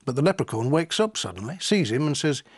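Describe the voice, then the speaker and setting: An actor playing a weary, dry-witted divorce solicitor, who speaks in a measured, formal way and narrates. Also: male voice, mid-range voice, big pitch swings, slightly rough. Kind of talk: radio drama with narration.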